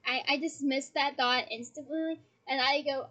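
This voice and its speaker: A woman's voice: high-pitched, steady tone, moderate pace, pushed and bright. A woman reading a novel aloud, breaking off for playful, giggly asides to her listeners. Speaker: audiobook reader. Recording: dull lo-fi recording.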